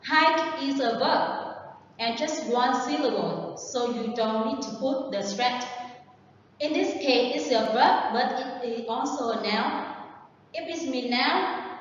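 Slow-spoken woman teaching English. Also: highs cut off, slight background noise. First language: Vietnamese. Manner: slow, careful explaining with model sentences. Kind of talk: online English lesson. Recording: echoey distant low-fi room recording.

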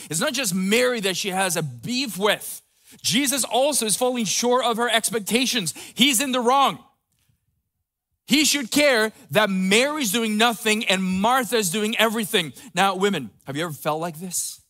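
A man pastor giving a conversational sermon, dropping soft and low for tender quotes. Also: moderate pace.

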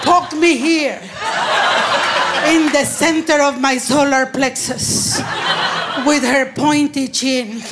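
High-voiced woman doing live stand-up. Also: slow, long pauses, very noisy. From Nicaragua. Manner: animated, chants and shouts slogans, laughs through punchlines. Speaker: stand-up comedian. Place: comedy stage before a laughing audience.

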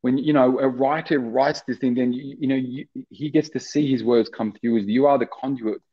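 An Australian actor in casual interview chat, rambling with many restarts and fillers. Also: male voice, mid-range voice, steady tone, normal speed, lo-fi sound. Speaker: actor guest.

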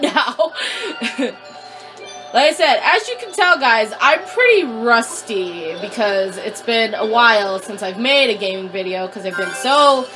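A young woman hosting a let's play, panicking, squealing and shouting at her game character, repeating words in quick streaks. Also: on the high side. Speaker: gaming channel host. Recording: faint game music behind.

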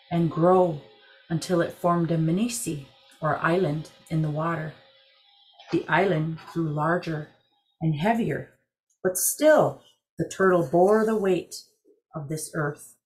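A woman narrates a traditional creation story in a measured, deliberate way. Her voice sits somewhat low. Faint music plays softly beneath her. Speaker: program director telling a legend.

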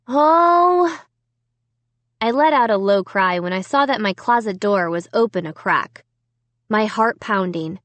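A woman's voice: medium pitch, dry recording. A woman reading a children's horror novel aloud in first person. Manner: slow, expressive first-person narration. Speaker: audiobook narrator. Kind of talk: audiobook reading.

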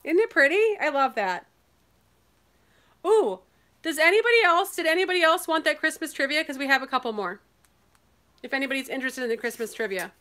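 A woman's voice: high voice, lively intonation, a little fast, long pauses, sharp tone. A woman from Minnesota hosting a live online sale in casual, enthusiastic chat, laughing often.

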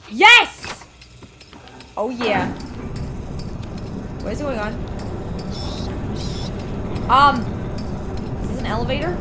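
A young woman streaming a horror game live, excitably reacting out loud and talking to the game and her chat from a desk mic at home. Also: a little high, unhurried, long pauses, background noise. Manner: excitable, exclaims and talks to the game. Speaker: gameplay streamer. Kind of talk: live let's play commentary.

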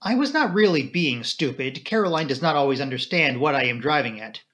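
A man reading a novel aloud in first person, with measured, steady storytelling. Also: a little high. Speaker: amateur audiobook reader.

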